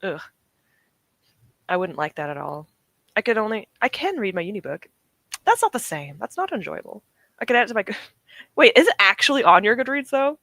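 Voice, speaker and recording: A woman's voice: medium pitch, big pitch swings, a little fast, pauses often, fairly bright tone, no echo. A young woman from the UK chatting casually with her stream chat, rambling, laughing often and correcting herself. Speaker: streamer reading chat comments.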